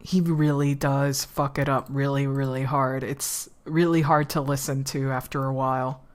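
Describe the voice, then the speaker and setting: A woman's voice: extremely low pitch, level tone, moderate pace. A woman streamer, chatting casually and swearing freely as she drifts between topics. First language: Spanish.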